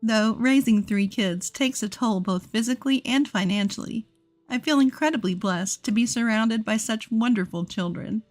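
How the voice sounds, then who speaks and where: A woman narrating a scripted first-person family story in an earnest, steady manner. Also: on the high side, normal speed. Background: faint music.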